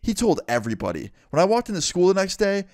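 Smooth-voiced guy telling a story. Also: high voice, very animated, quick pace, darkish tone, no echo, studio quality. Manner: casual, swears a lot, acts out every voice. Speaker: vlogger. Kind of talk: story time vlog.

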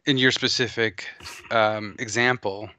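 A man's voice: lowish voice, fairly even intonation, measured pace, sharp tone, no echo. A man co-hosting a casual gaming chat, teasing his friend and joking along. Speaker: podcast co-host.

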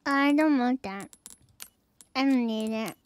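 Slow-talking playful woman streamer. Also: fairly high pitch, clean tone. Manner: playful and self-mocking. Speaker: game streamer. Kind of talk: casual live-stream chatter.

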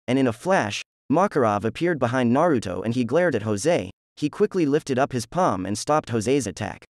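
A man narrating a fan fiction story in a plain, steady reading voice with offhand asides. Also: mid-range voice, no room sound, clean studio sound.

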